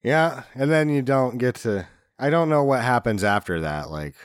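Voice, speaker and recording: A man's voice: medium pitch, animated, normal speed, smooth, no room sound. Sarcastic man on a dry podcast mic. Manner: dry, sarcastic, swears casually. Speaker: podcast co-host. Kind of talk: casual movie recap chat.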